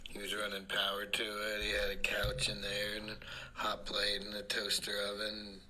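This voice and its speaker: Bright-voiced man telling a joke. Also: lowish voice, monotone, moderate pace, a little hiss or hum, low-quality recording. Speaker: comedian. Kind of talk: recorded stand-up joke.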